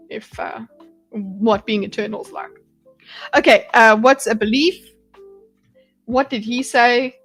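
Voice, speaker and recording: South African woman streamer, rambling. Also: fairly high pitch. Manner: rambling, swears and laughs often. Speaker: livestream commentator. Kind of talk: casual livestream commentary. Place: home streaming setup.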